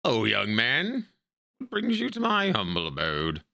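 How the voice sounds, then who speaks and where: A man's voice: medium pitch, huge pitch swings, measured pace, creaky, sharp tone, no echo, studio quality, exaggerated voice. A man voicing an elderly, forgetful village woman in a role-playing game, reading her quaint, old-fashioned lines aloud. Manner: quaint archaic phrasing, read aloud.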